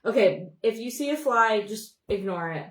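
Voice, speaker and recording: Speaking at a moderate pace in a fairly high, expressive voice, a young Montana woman hosts a beauty livestream, doing her makeup while chatting casually. She rambles and greets viewers by name, and the room is echoey.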